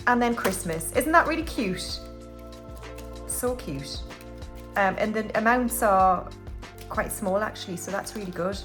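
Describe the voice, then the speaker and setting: Chatty UK woman hosting a cash-budgeting vlog at home; a bit high-pitched, self-deprecating, faint music under her. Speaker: budgeting channel host. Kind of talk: casual cash-stuffing vlog.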